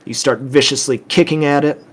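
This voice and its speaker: A man's voice: fairly high pitch, fairly even intonation, fairly quick, breathy edge. A man narrating a tabletop horror game as game master, describing scenes cinematically.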